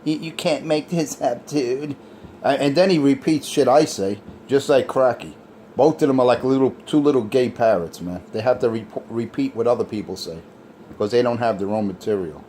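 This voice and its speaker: A man's voice: medium pitch, fairly quick, warm tone, a little hiss or hum. A man in casual trash talk, scornful and ranting.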